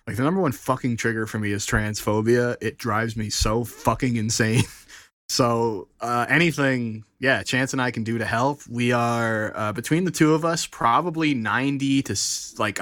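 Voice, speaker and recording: A man's voice: mid-range voice, normal speed, fairly bright tone, no echo, clean studio sound. A man co-hosting a podcast, talking casually and earnestly, with a lot of swearing. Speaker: podcast co-host. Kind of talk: casual chat.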